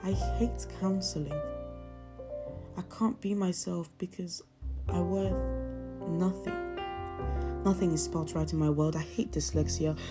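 A woman's voice: lowish voice, steady tone, a little slow, long pauses. A young woman hosting a poetry podcast, reciting her own spoken word poems with intense emotion. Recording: music playing behind.

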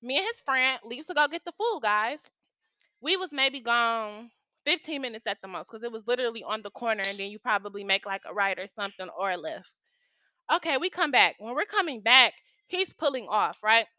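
A woman's voice: on the high side, lively intonation, fairly quick, pushed and bright, a little hiss or hum. A young woman telling a story in a casual vlog, with lots of slang and profanity. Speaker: storytime vlogger.

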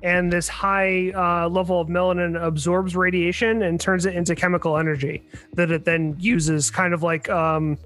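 A man's voice: sits high, level tone, normal speed, fairly bright tone. A young man co-hosting a podcast, explaining things and laughing along in casual chat. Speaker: podcast co-host.

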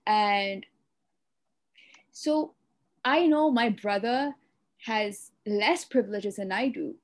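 A woman's voice: medium pitch, slow pace. A young woman from Malaysia with a Eurasian-tinged accent, talking earnestly on a casual podcast, with lots of "you know"s. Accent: Malaysian English, Eurasian. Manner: earnest, talks in long runs with many "you know"s. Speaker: podcast host.

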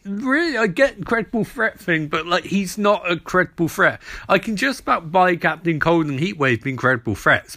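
A man's voice: on the high side, pushed and bright, no echo. A man giving a rambling, sarcastic casual recap of a TV episode. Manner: rambling and sarcastic, acting out quick voices.

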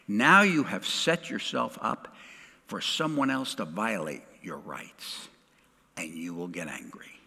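Animated middle-aged preacher, bright voice. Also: male voice, deep voice, a little slow, vocal fry, husky, long reverb tail. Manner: dramatic preacher, swings from loud to hushed. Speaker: pastor. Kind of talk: sermon.

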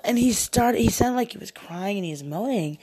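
A woman's voice: medium pitch, lively intonation, normal speed, dark tone, slightly rough. A young adult woman talking casually as a life coach, chatty and rambling with asides. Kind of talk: casual monologue.

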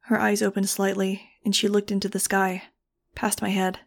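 A woman narrating a novel in the first person with a steady, earnest reading. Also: medium pitch, moderate pace, vocal fry. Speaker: audiobook reader.

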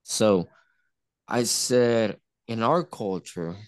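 A man's voice: on the low side, extremely slow, dry recording. A man in casual podcast chat, often restarting his sentences while he searches for words.

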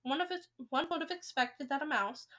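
A woman reads a children's novel aloud in a lively, expressive manner. Her voice sits high and sounds bright and crisp, suited to a storybook. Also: brisk. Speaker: reader.

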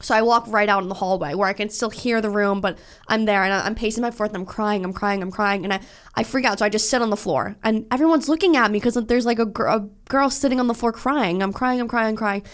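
A young woman co-hosting a podcast, telling a story in casual chat, animated and emotional, with frequent swearing. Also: medium pitch, fast. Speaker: podcast co-host.

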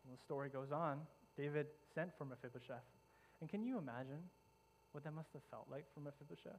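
A man's voice: a little high, brisk, slight background noise, low-quality recording. Impassioned male preacher. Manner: dramatic storytelling with frequent restarts and repetition. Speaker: pastor. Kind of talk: sermon.

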